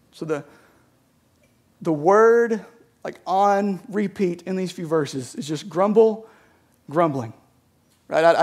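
A man's voice: fairly high pitch, darkish tone. A man preaching a sermon as a pastor, conversational, with many restarts and frequent "right?" checks to the congregation. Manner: conversational, repeats words, often asks "right?".

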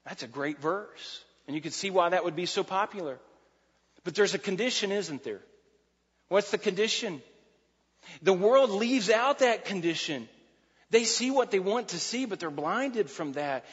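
A man preaching a sermon, emphatic and repetitive, shifting from loud to quiet. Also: high voice, lively intonation, normal speed, slightly rough. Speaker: pastor. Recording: muffled hall recording.

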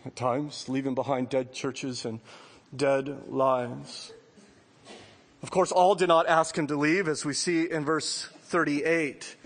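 A pastor preaching a sermon with lively delivery, acting out the voices of people in the story. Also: male voice, on the high side, big-room sound. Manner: animated preaching, acts out voices of biblical figures.

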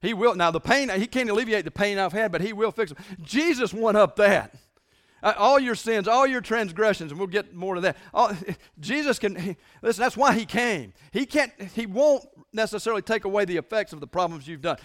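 A man preaching a sermon as pastor, emphatic and repetitive, swinging between loud declarations and hushed lines. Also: high voice, lively intonation, fairly quick.

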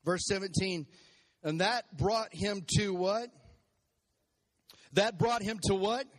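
A male pastor giving a sermon at a church service, animated and prompting his congregation to repeat lines back to him. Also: sits high, slow pace. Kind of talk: sermon with congregation call-and-response.

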